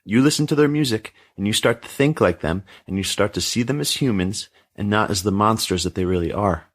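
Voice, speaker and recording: A man's voice: fairly low pitch, expressive, fairly quick. A man voicing a stern, fearful mother who lectures her teenage daughter, read as a storybook scene. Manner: lecturing, controlling. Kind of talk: storybook reading.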